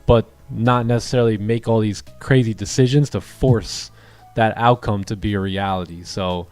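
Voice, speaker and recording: A man hosting a live trading stream, encouraging his students and telling animated stories with voiced quotes. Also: no echo. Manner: animated storytelling, acts out quoted dialogue in a higher voice; encouraging, motivational. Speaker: day-trading coach and stream host. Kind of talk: casual livestream chat.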